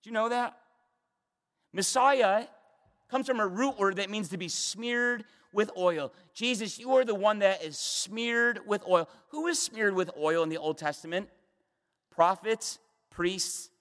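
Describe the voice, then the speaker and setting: High-voiced fervent male preacher. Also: a little slow. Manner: fervent, emphatic, swinging between loud and hushed. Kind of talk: sermon. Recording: long hall reverb.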